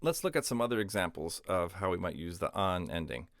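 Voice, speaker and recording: Low, smooth-voiced man teaching a lesson. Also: lively intonation, brisk, a bit bright, no room sound, studio quality. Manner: patient, explains step by step with frequent fillers. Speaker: language teacher. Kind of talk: explanatory lesson narration.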